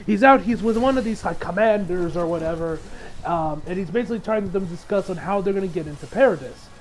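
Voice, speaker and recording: High-voiced man in a casual recap. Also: fast talker, a little hiss or hum, low-quality recording. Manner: loose, rambling, swears freely, acts out quotes. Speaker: anime reviewer.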